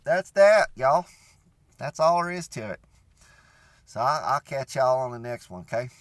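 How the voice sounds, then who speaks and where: A man's voice: mid-range voice, animated, measured pace, no room sound, close to an everyday voice. A man playing a rambling, beer-drinking redneck, in a comedic character monologue full of "you know".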